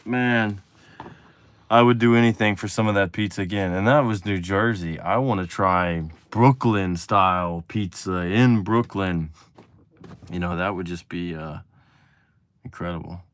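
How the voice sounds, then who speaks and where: Low-voiced Texan man, livestream host, smooth tone, dry close mic, loose chatty delivery that perks up now and then. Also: unhurried, no echo. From Texas. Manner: relaxed, chatty, drifting from low mumbles to excited bursts. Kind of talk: casual livestream chat reading comments.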